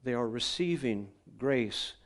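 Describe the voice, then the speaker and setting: A man's voice: mid-range voice, lively intonation, slow. A male pastor, telling stories in a chatty sermon and asking his congregation questions. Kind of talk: conversational sermon storytelling. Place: church gathering.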